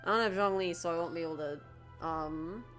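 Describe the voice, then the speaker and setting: A woman streamer giving casual, excitable commentary while playing a game, gushing and often restarting her sentences. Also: fairly low pitch, brisk, soft background music.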